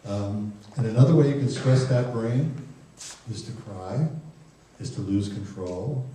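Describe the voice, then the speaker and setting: Male speaker, parenting talk, jokey, does quick voices, dark tone, far mic in echoey hall. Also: medium pitch. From Ireland. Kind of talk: humorous lecture to parents.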